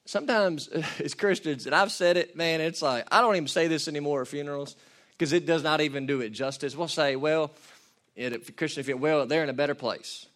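Passionate preacher, bright voice. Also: male voice, fairly high pitch, fairly quick. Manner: passionate, builds to shouting peaks, sports analogies. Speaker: pastor. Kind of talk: sermon.

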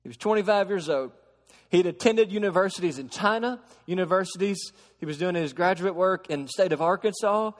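A man preaching a sermon, moving between hushed storytelling and raised, emphatic preaching. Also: high voice, a little fast. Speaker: pastor. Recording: long hall reverb.

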